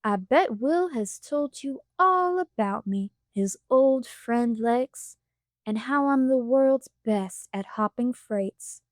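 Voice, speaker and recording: A woman's voice: a little high, animated, slow pace, darkish tone, dry recording, studio quality. A woman doing a drawling, smirking young hobo man. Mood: taunting. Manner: drawling, wheedling, mocking.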